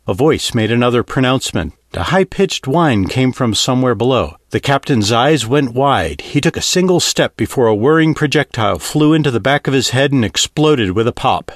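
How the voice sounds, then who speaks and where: A man narrating a science-fiction audiobook in an expressive, varied reading. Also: mid-range voice, moderate pace, dry recording, clean studio sound.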